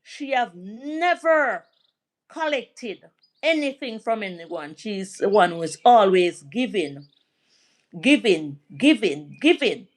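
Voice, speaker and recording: A woman's voice: medium pitch, big pitch swings, slow. A middle-aged Jamaican woman hosting a live stream, telling a family story and answering viewers' comments. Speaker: livestream host. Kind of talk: casual live chat and storytelling.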